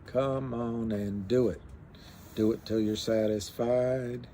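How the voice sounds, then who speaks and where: A man's voice: mid-range voice, steady tone, slow, mellow, a little hiss or hum. A man hosting a live stream, chatting casually and rambling with many fillers and restarts, reading figures aloud. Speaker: livestream host talking stocks.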